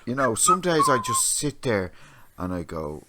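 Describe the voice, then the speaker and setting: A man's voice: mid-range voice, wildly swooping pitch, unhurried, heavy background noise. An English man in his forties co-hosting a podcast, rambling and self-mocking in casual chat. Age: 40s. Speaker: podcast co-host.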